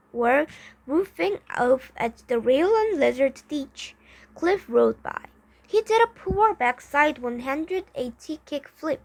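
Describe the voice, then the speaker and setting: A woman's voice: sits high, gravelly, rough recording. A woman reading a children's story aloud, carefully, with frequent slips and restarts. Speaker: reader.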